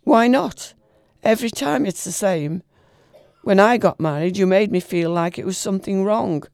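A woman's voice: mid-range voice, normal speed, gravelly, darkish tone, no echo, close to an everyday voice. A woman doing a weary, humouring middle-aged daughter. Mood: tired firmness. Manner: humouring, coaxing.

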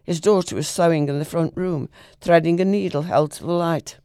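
A woman reading a literary short story aloud in a measured, expressive way. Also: lowish voice, smooth, dry recording, clean studio sound. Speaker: reader.

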